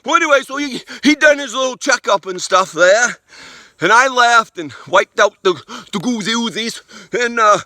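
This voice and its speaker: Male comedian as an old country codger, very high and pinched, rambling and crude. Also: animated, moderate pace, bright, forceful tone, no echo, heavily acted. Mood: rambling folksy. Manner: rambling, folksy, crude, stumbling restarts. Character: rambling crude old rural man, folksy storyteller. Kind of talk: comic monologue in character.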